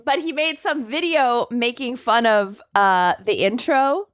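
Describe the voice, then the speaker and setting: Giggly rambling woman, higher voice. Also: measured pace, a bit bright, no room sound, clean studio sound. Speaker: podcast co-host. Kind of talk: casual chat.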